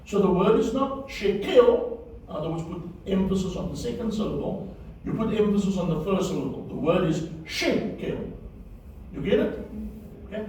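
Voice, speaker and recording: A man's voice: high voice, expressive, brisk, mellow. A man teaching Biblical Hebrew in a lecture, repeating key words and checking that his students follow. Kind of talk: classroom lecture. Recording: very echoey, distant, faint room noise.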